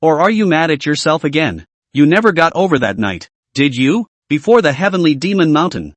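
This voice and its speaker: A man's voice: fairly high pitch, very animated, a little fast, no room sound. A man voicing a sultry, teasing demonic voice inside a woman's mind, mocking and playful.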